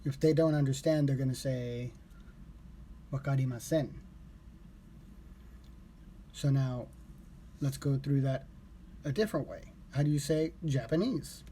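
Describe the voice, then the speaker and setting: Man, casual live streamer, loose rambling delivery with self-corrections; mellow tone, faint background noise. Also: mid-range voice, measured pace, long pauses. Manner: relaxed, rambling, corrects himself aloud. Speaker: live streamer learning Japanese.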